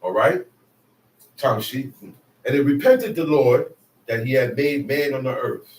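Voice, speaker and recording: A man preaching a sermon in a casual, conversational way, now and then rising to shouts for emphasis. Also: medium pitch, unhurried. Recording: roomy, mic at a distance.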